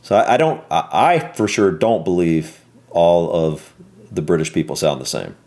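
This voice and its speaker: Deep-voiced Southern American man, rambling. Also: lively intonation, a little mellow. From Southern United States. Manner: rambling, halting with many ums. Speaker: reaction video host. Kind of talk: casual reaction commentary.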